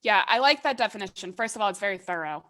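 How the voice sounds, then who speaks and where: A woman's voice: mid-range voice, lively intonation, quick pace, sharp tone. A woman co-hosting a casual writing podcast, laughing easily and rambling in a self-deprecating way. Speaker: podcast co-host. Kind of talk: casual chat.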